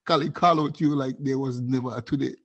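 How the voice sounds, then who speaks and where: A man's voice: medium pitch, fairly even intonation, fast, highs cut off. A man with a Vincentian accent hosting a casual chat, laid-back and teasing. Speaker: host.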